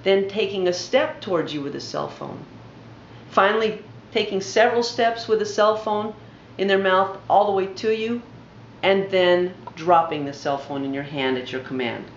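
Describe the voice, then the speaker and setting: A woman dog trainer calmly explaining, step by step, how to train a dog. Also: medium pitch, moderate pace, a little hiss or hum. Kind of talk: instructional voice-over. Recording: roomy, dull lo-fi home video audio.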